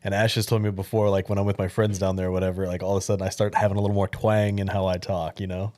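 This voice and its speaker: A man's voice: low-pitched, flat delivery, very fast, darkish tone. A man hosting a casual interview, asking questions and giving short encouraging replies. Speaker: host.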